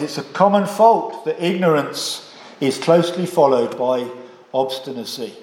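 A man preaching a sermon, measured and emphatic, often closing points with rhetorical questions. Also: on the high side. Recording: echoey hall.

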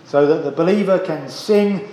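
A man's voice: a little high, normal speed, dark tone, echoey room, rough recording. A man preaching a sermon, earnest and emphatic, asking the congregation rhetorical questions and repeating key phrases. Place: church.

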